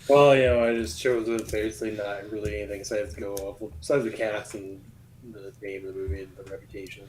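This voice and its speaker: Guy on a podcast, lowish voice, blunt and swears casually, light hiss in the background. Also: level tone, quick pace, darkish tone, low-quality recording. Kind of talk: casual movie chat.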